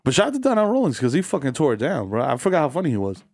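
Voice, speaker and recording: A young man co-hosts a loose comedy podcast and tells profane, slang-heavy stories. He acts out voices along the way. His voice sits a little high. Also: wildly swooping pitch, rapid-fire, darkish tone, no room sound. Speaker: podcast co-host. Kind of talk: casual comedic chat.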